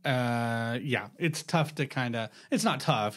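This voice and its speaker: A man's voice: medium pitch, takes it slowly, a bit bright. A man hosting a podcast, laid back and chatty, in casual conversation with friends. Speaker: podcast host. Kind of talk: casual chat.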